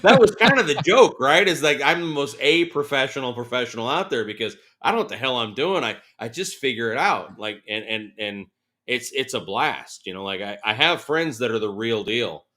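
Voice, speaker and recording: Bright-voiced man telling bike stories. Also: medium pitch, a little fast. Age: 40s. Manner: animated storyteller, laughing, acts out quotes. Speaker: guest. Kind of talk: casual interview.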